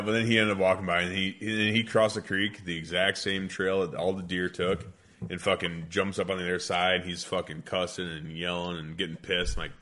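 A man casually telling a rambling hunting story with lots of swearing. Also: deep voice. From American Midwest. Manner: animated, heavy swearing, rambling. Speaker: guest hunter.

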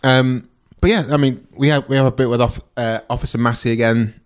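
A man in his forties co-hosting a TV recap podcast, chatty and quick to laugh. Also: mid-range voice, fairly even intonation, smooth. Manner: chatty, laughs easily, jokey. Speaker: podcast co-host. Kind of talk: casual chat.

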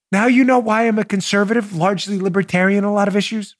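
A man's voice: sits high, fairly quick, hardly any pauses, no room sound, clean studio sound. A man hosting a political talk show, mocking his targets with sarcasm and acted-out scenes. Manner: sarcastic, animated, acts out scenes.

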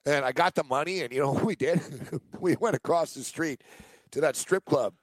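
A man with a slightly raised pitch spins a long, rambling story on a sports betting podcast. He laughs easily and acts out the people he quotes. The sound is dry and close, with no room behind him. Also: normal speed, no echo. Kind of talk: casual storytelling chat.

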